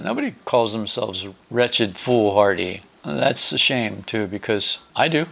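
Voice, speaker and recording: A middle-aged man giving an informal spoken sermon as a preacher. He is folksy and wry, with sarcastic asides, and his pitch jumps about. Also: vocal fry. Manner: animated, with quick jumps in pitch.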